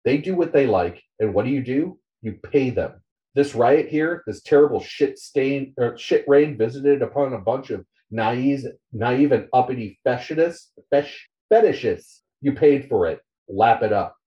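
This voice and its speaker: A man's voice: medium pitch, lively intonation, unhurried, warm tone, recorded from a distance, dull audio, pitched above the performer's own voice, close to an everyday voice. A man reading the lines of a bitter, foul-mouthed male journalist in a scathing, profane tirade.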